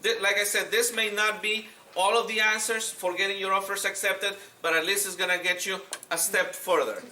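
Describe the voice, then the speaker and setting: A man's voice: high-pitched, fairly even intonation, moderate pace, pushed and bright, echoey room, recorded from a distance, slight background noise. A man teaching a real estate seminar, speaking directly and often repeating himself as he acts out calls with agents. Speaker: real estate and mortgage instructor.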